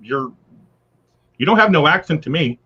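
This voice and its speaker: Bright-voiced Canadian man, rambling. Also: on the high side, lively intonation, normal speed, breathy edge, dull audio. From British Columbia, Canada. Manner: rambling, with many fillers and restarts. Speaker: guest. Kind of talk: casual chat.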